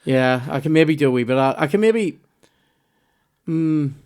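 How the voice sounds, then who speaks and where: A man's voice: a little high, expressive, normal speed, darkish tone. Northern Irish man, joking podcast host. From Northern Ireland. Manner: banters and swears, slips into mock accents. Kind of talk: casual comedy chat.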